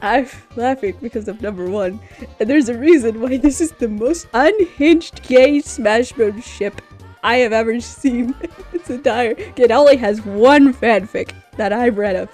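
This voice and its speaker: A young woman vlogging off the cuff, rambling with frequent laughter, loud outbursts and swearing. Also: on the high side, unhurried, faint music behind. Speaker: youtuber. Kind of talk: unscripted ranking vlog.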